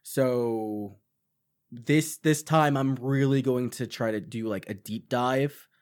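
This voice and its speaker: A young man from Long Island, co-hosting a casual podcast chat, animated and swearing freely while acting out quotes. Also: medium pitch, slow. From Long Island, New York. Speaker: podcast co-host.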